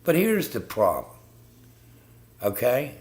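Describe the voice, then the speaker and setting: A man's voice: medium pitch, wildly swooping pitch, slow pace, a little mellow. A man hosting a live stream, ranting bluntly and swearing constantly as he talks to viewers about politics.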